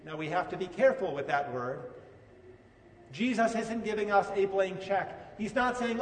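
A man's voice: sits high, normal speed. A man preaching a sermon, earnest and speaking directly to his listeners with questions. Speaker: pastor. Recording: echoey hall from far off.

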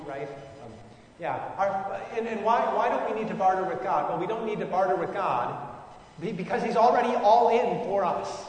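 A man's voice: high-pitched, animated, normal speed, a little hiss or hum. A man leading a conversational Bible study, musing informally with frequent fillers and restarts. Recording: echoey hall from far off.

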